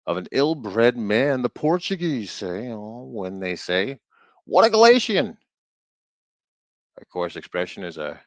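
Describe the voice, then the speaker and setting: A man's voice: mid-range voice, no room sound. A man streaming live, reading aloud from an old book, stumbling over words and breaking off into jokey asides. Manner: reads aloud haltingly, stumbling over words and riffing jokingly.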